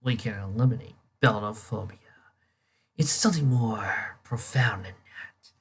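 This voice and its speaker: A comic reader voicing a menacing interrogator who hunts for a hero's deepest fear, in a low breathy whisper. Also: measured pace. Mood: probing. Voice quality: unvoiced whisper.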